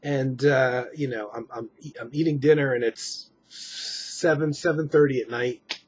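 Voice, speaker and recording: A very husky, breathy man talks at a middle pitch, worn out and rambling through a late-night update. He stops and restarts often and fills gaps with ums. The home recording sounds dull and lo-fi. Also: fairly even intonation, unhurried. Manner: rambling, weary, with many fillers and restarts. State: exhausted. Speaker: vlogger.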